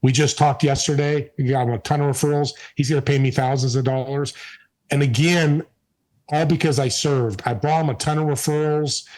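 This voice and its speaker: A man's voice: a little high, steady tone, moderate pace, a little mellow, low-quality recording. A man being interviewed, telling stories with emphatic energy. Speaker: podcast host and guest. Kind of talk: casual interview storytelling.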